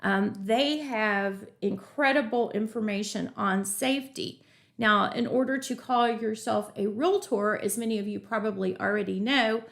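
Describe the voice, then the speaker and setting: With a gravelly voice at medium pitch, a middle-aged woman leads a live webinar on real estate. She keeps an upbeat, chatty tone, welcoming people from the chat and weaving in stories and asides.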